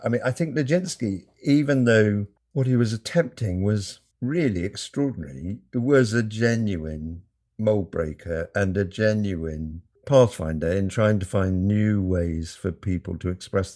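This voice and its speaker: A man speaking as a podcast guest, telling a story in a lively, conversational way. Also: low voice. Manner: animated, acts out quoted lines with mock indignation.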